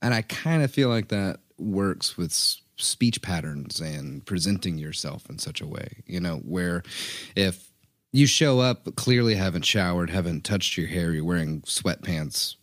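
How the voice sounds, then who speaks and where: A man with a low, deep voice chats casually on a podcast. He thinks out loud and keeps checking that his listeners follow him. His voice sits close and dry, with no room sound around it. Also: measured pace, no echo. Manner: animated, thinking aloud with "you know what I mean". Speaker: podcast co-host. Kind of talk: casual chat.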